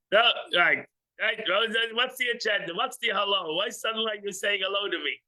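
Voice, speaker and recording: A man's voice: high voice, moderate pace, pushed and bright, poor audio. A man teaching an informal religious class, joking with listeners and acting out little scenes. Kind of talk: informal class with audience banter.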